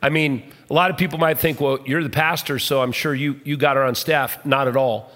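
A pastor in his fifties, hosting and telling family stories in an animated way, acting out the quotes. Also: mid-range voice, brisk. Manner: animated storyteller, acts out quotes. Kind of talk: storytelling chat. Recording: long reverb of a large hall.

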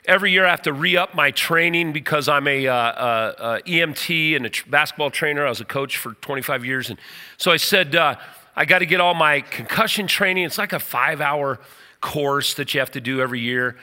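A middle-aged man preaching a sermon, telling a personal story with animated energy. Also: fairly high pitch, a little fast, in a large hall. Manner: animated storyteller, rises to near shouting at the story's climax.

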